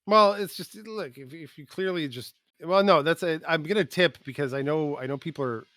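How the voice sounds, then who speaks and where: A man's voice: a little high, moderate pace, fairly bright tone, no room sound, clean studio sound. A man from Quebec chatting casually as a podcast guest, restarting his sentences and swearing offhandedly.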